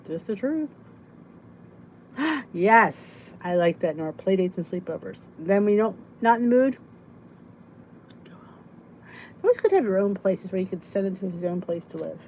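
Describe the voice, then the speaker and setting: A middle-aged woman hosting a casual weight loss support chat, joking and yawning, with soft whispered asides, and a faint hiss under her voice. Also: medium pitch, lively intonation, normal speed, poor audio. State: sleepy, yawning. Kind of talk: casual live chat reading viewer comments.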